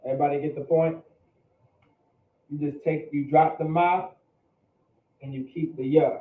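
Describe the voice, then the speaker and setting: Male Hebrew teacher, high voice, far from the mic, thin phone-like sound, patient and repetitive. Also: fairly even intonation, moderate pace. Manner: patient, checks understanding with repeated questions. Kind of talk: classroom teaching. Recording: roomy, distant, phone-like lo-fi.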